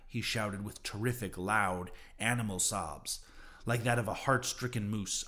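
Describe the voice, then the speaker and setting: A man narrating a classic novel in a measured, theatrical reading style. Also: lowish voice, a bit bright.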